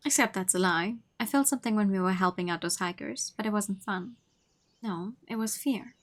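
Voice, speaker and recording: A woman streamer reading a visual novel aloud, with expressive narration and playful asides. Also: mid-range voice, moderate pace.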